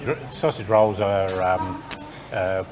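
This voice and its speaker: A man's voice: sits low, steady tone, slow pace, a crowd in the background. A man who owns a restaurant, describing his food with many hesitations. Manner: hesitant, many ums and uhs. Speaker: restaurant owner. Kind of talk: casual chat.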